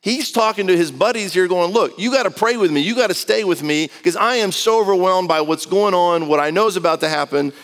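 A man's voice: high voice, a little fast, hardly any pauses, fairly bright tone, big-room sound. A man preaching a sermon in a conversational, earnest way, acting out the quotes he reads. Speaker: pastor.

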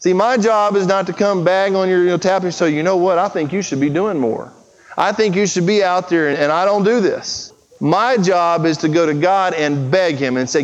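Pastor mid-sermon, earnest and pressing, somewhat high voice, dull recording with long church reverb. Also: male voice, normal speed. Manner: earnest, urgent preaching with acted-out quotes. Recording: muffled, with long hall reverb.

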